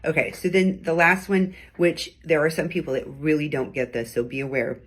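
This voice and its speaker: A middle-aged woman with a low, husky voice talks straight to her viewers in a relaxed, teaching way. She drops into brief acted examples to show what she means, then returns to her easy conversational delivery. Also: moderate pace. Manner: conversational, acts out tones in short quoted bits. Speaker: host giving weekly advice. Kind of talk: casual teaching talk to camera.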